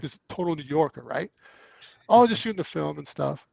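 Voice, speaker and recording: A man's voice: on the high side, quick pace, vocal fry, dry recording, dull audio. A man, an actor guest, telling anecdotes in casual storytelling, acting out both sides of conversations and laughing often.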